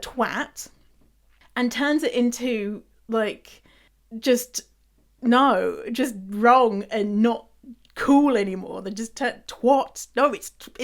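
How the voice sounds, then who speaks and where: British woman, young, casual podcast host, chatty, laughs a lot, swears freely. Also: on the high side. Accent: British English. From England. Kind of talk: casual solo podcast talk.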